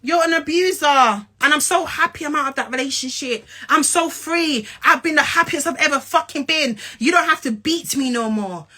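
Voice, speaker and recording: A young woman with a London and Essex accent delivers an angry rant straight to camera. Her voice sits high and sounds bright and sharp. She talks bluntly and profanely, confronting her listener and hammering her points home by repeating them. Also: moderate pace, hardly any pauses. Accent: London and Essex English. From England. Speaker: social media personality.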